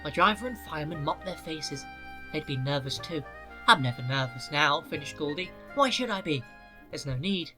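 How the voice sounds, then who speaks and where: A man voicing a calm, wise older male engine who talks in a gentle, thoughtful way. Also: a little high, moderate pace, faint music behind.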